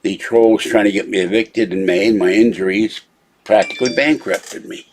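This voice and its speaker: A man with a slightly low voice vents at his computer, sounding fed up and annoyed. He rambles from one complaint to the next in a loose, casual video chat, picked up by the mic on his desktop setup. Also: normal speed. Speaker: channel host. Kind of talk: casual live video rant.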